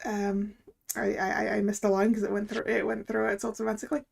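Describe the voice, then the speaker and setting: A woman's voice: mid-range voice, flat delivery, a little fast, gravelly, darkish tone, a little hiss or hum. A woman streaming a video game, chatting casually and giggling between lines.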